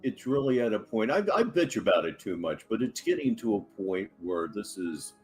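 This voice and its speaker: Male reaction host, crude and mocking, very lively intonation. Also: on the low side, normal speed, soft background music. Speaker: commentary host. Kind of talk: reaction commentary.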